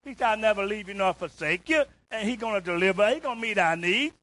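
A man preaching a call-and-response sermon in church, rising to shouts on key words and asking "isn't that right?" again and again. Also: high voice, lively intonation, fast talker, dry recording, rough recording. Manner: rises to shouts on emphasis, repeats "isn't that right?".

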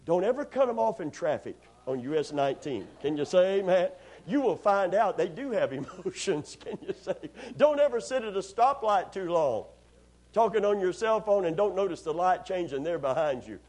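Folksy husky-voiced preacher man. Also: high voice, animated, normal speed, darkish tone. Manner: folksy, joking, repeats words. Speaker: pastor. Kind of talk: sermon.

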